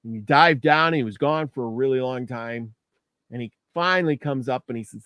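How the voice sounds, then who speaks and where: A man's voice: mid-range voice, normal speed, a bit bright, dry recording. A man casually telling a legend in a folksy way, often restarting phrases. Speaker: storyteller. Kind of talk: casual storytelling.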